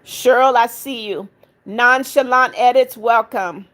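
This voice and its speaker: Lady streamer reading comments out loud, kinda high voice, calls people darling, kicks out the rude kids. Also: slow pace. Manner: firm, scolding rude commenters, affectionate to others. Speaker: livestream host reading chat. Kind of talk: casual live chat.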